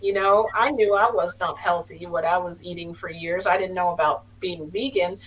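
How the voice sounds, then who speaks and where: A woman's voice: lowish voice, fairly even intonation, moderate pace. A middle-aged woman telling a story as a podcast guest, earnest and rambling, often restarting her sentences. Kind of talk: casual storytelling. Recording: distant mic with faint hum.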